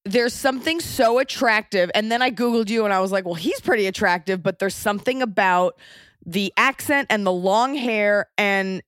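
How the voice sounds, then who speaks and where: A woman's voice: medium pitch, normal speed, a bit bright, no echo, studio quality. A woman hosting an interview, with a gushing, giggly and candid way of talking. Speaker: podcast host. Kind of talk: casual interview chat.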